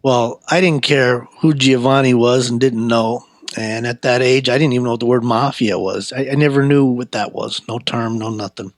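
A man, an interview guest, telling a personal story in a casual, laid-back, animated way. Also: medium pitch, moderate pace, dry recording.

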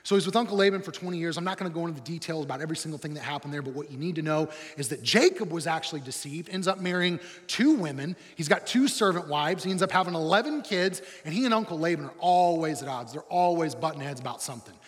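High-voiced man preaching a lively sermon. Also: fast, few pauses, long reverb tail. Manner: lively, humorous storytelling. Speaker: pastor.

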